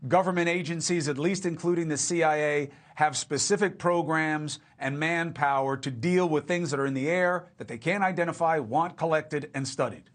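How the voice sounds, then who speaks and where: A man hosts a TV news interview with a fairly high voice. He asks direct, pressing questions and moves briskly between guests. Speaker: TV news host.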